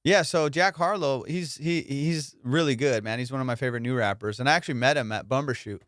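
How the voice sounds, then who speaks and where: A man's voice: mid-range voice, a little fast, a bit bright, no echo, studio quality. A male comedian hosting a podcast, rambling and swearing in casual comedic banter, slipping into silly voices.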